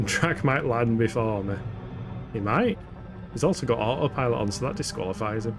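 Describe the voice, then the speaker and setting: A man with a medium-pitched, animated voice streams a game at a moderate pace, keeping up chatty live commentary. He swears a lot, laughs, and pokes fun at himself while game music plays underneath.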